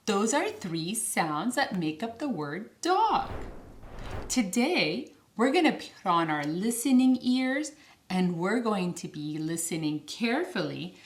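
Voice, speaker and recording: A woman teaching young children phonics in a slow, clear, sing-song way, stretching each word out. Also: slight background noise. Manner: sing-song, stretches words slowly with lively pitch.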